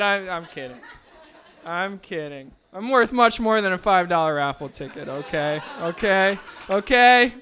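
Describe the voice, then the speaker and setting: A man with a very high, bright voice emcees a raffle in front of a live crowd at an event venue. He speaks slowly and teases the audience between prize announcements. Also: slight background noise. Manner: joking, playful banter with the crowd.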